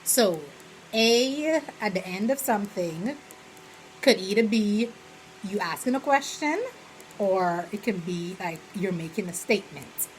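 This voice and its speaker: A woman's voice: medium pitch, unhurried, a little hiss or hum, poor audio. A young woman with a Bahamian accent, chatting casually in a vlog and filling her talk with "you know". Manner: chatty, rambling, full of "you know" fillers; slips into lively quoted examples. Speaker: vlogger.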